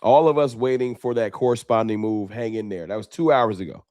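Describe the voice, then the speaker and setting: A man's voice: lowish voice, fairly quick, darkish tone, no echo. A man hosting a late-night sports fan livestream, talking off the cuff with emotion and slang. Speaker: sports fan show host.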